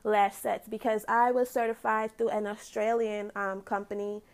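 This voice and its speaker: A woman in her thirties talks through her story in a relaxed solo podcast. Her voice carries a gravelly fry, and she sits at a middle pitch. She keeps it chatty, with shout-outs and easy laughs. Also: normal speed. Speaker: lash business owner and podcast host. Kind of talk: casual solo podcast talk.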